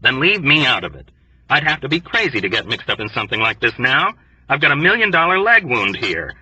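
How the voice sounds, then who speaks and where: Brief: sardonic young airman, read by a man, tense and urgent, bright husky tone. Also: medium pitch, sing-song, a little fast, no echo, far from the mic, exaggerated voice, rough recording. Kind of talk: audiobook character voice.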